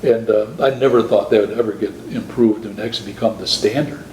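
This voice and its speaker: An older man, a guest prosthodontist in an interview, talking in a thoughtful, halting way with many restarts. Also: lowish voice, a little mellow. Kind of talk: conversational interview. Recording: roomy echo with faint hiss.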